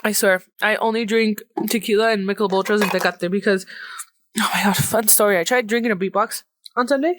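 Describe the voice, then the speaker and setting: A woman's voice: mid-range voice, steady tone, fairly quick, a little hiss or hum. A woman in her late twenties hosting her own podcast in casual chat, emotional and laughing through tears, now and then dropping into Spanish. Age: 20s. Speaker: podcast host.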